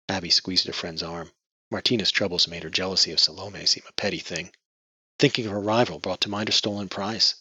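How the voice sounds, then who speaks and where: Husky low male audiobook narrator. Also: pushed and bright, dry recording. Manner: measured storytelling. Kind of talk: scripted narration. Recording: dull lo-fi dry audio.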